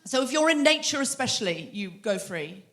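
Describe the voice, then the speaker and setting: A woman's voice: fairly high pitch, big pitch swings, normal speed, fairly bright tone. A middle-aged woman hosting a comedy podcast live on a theatre stage, bantering and teasing the audience. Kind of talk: live stand-up style crowd work.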